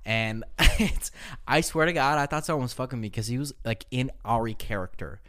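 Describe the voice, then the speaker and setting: A man co-hosting a casual podcast, telling rambling, profane anecdotes in an animated way. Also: mid-range voice, normal speed. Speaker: podcast co-host.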